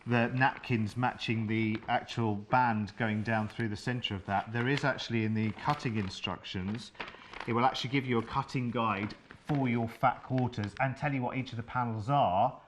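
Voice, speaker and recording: A man's voice: mid-range voice, steady tone, moderate pace, a little hiss or hum. A man hosting a live studio sewing show, chatty and enthusiastic, asking his guest questions.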